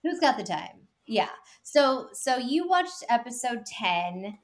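A woman's voice: on the high side, big pitch swings. Woman cohost explaining the cast like a teacher, casual and eager, throws in jokes. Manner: enthusiastic explainer, teacher-like, quick asides. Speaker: podcast co-host. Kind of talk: casual comedic chat.

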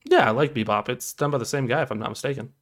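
A man's voice: mid-range voice, racing. A man co-hosting a casual podcast, talking hesitantly about shows and often correcting himself. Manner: hesitant, with frequent ums and self-corrections. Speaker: podcast co-host. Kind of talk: casual chat.

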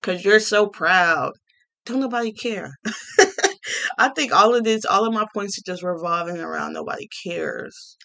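A woman's voice: medium pitch, expressive, a little slow, gravelly, pushed and bright. A young woman from the Midwest, ranting casually in a blunt, sarcastic, profane way and laughing often. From Gary, Indiana. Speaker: vlogger.

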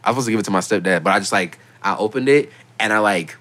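A young man in his late teens hosting a casual podcast, telling stories in an animated way and getting loud when he quotes himself. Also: fairly low pitch, very fast. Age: young adult. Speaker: podcast host.

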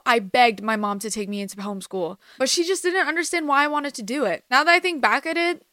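An eighteen-year-old woman hosting her own podcast, talking candidly about her life, swearing freely and moving between quiet reflection and sudden emphasis. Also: fairly high pitch, no echo, clean studio sound. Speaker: podcast host. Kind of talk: personal confessional monologue.

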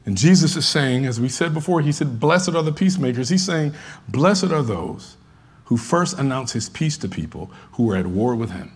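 A man preaching a sermon as a pastor, talking conversationally and acting out the voices of churchgoers, rising at times to emphatic shouts. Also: medium pitch, lively intonation, normal speed, slightly rough.

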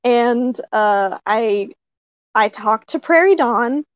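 A fairly high-voiced woman tells a casual story with eager excitement, breaking into laughs and filling pauses with ums and likes. She is a puppeteer. The recording sounds dry and a little dull. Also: smooth, no room sound. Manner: excited, laughing, many fillers.

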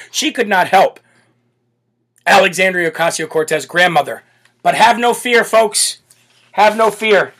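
A man's voice: high voice, a bit bright. A man hosting a political talk show, ranting in a brash, sarcastic and mocking way. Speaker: political podcast host.

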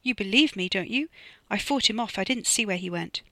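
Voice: mid-range voice, lively intonation, brisk, bright, forceful tone, no room sound. A narrator voicing Freddy, a panicking young man who lies to cover up a killing, in an audiobook reading. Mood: pleading. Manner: desperate, hissing, pleading.

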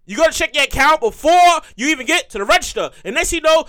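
A woman hosting a comedy podcast, ranting in a profane, animated monologue and repeating lines for emphasis. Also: sits high, fast talker, few pauses. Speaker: podcast host and comedic writer.

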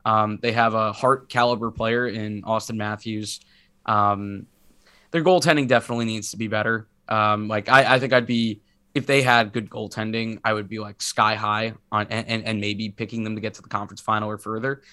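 Sick guy co-hosting a hockey-type podcast, bright tone, rambly and jokey. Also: lowish voice, fairly even intonation, moderate pace, clear, resonant tone. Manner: rambling, self-mocking, many restarts. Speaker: podcast co-host. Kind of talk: casual sports podcast chat.

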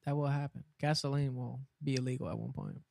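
A man's voice: mid-range voice, huge pitch swings, fairly quick, creaky, a little mellow, no room sound, clean studio sound. A man co-hosting a podcast, telling stories in a loose, rambling way full of "like" and restarts. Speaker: podcast co-host. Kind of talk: casual storytelling chat.

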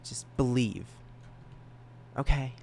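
A teenage boy hosting his own podcast, rambling and self-deprecating, giggling and jumping into sudden high silly voices. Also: takes it slowly, creaky, a little mellow, a little hiss or hum. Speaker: podcast host.

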